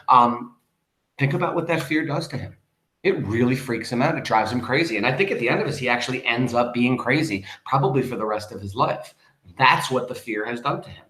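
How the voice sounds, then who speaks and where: A man's voice: medium pitch, a bit bright. A man teaching a class, explaining a poem in a casual, conversational way. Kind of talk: lesson on a poem, reading aloud and explaining. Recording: echoey room.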